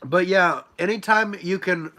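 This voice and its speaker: Bright-voiced, stuffy young man streaming. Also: sits high, unhurried. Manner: chatty, many fillers, hands out letter grades. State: stuffy from allergies. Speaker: livestream host reacting to a sports draft. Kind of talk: casual live-stream commentary.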